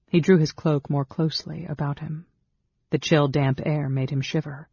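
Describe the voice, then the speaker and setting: Mellow, husky audiobook narrator. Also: male voice, a little high, dry recording. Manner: steady, measured reading. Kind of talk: scripted narration. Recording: dull, dry studio sound.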